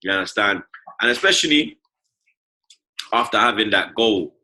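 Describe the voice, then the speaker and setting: A man's voice: lowish voice, animated, moderate pace, sharp tone, low-quality recording. A young man with a London accent hosting a casual football podcast, full of slang banter and tags like "you understand". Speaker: podcast host.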